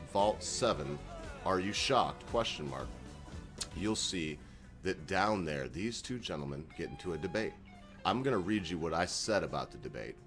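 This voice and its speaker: A man with a notably deep, low voice hosts his own video channel. He rambles in a folksy, unscripted way and breaks in with chuckling asides. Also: a bit bright. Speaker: channel host. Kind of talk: casual rambling video monologue.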